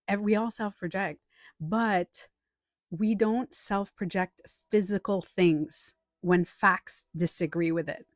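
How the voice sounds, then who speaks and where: A woman hosting a casual live stream as a life coach. She talks in an animated way, acts out other people's voices and repeats short phrases for emphasis. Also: fairly low pitch, measured pace, no room sound, studio quality.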